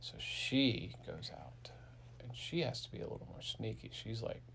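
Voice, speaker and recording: A man's voice: on the low side, sing-song, normal speed, gravelly, a bit bright, slightly rough. A man improvising a playful story for a child, with sound effects and an easy, chatty delivery. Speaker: parent telling a bedtime story.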